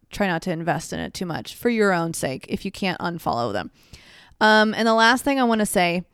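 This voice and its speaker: A woman talks through advice in a casual, rambling way, dropping fillers and poking fun at herself. Her voice is smooth and clear, recorded close and dry with no room sound. Her pitch sits in a middle range for a woman. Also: no room sound. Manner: chatty, filler-heavy, self-mocking. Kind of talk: casual advice chat to camera.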